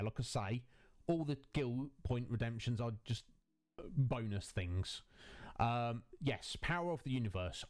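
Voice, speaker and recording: A man hosting a casual live stream on a headset mic, answering his viewers' chat in a chatty, rambling way. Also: medium pitch. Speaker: Twitch streamer and host.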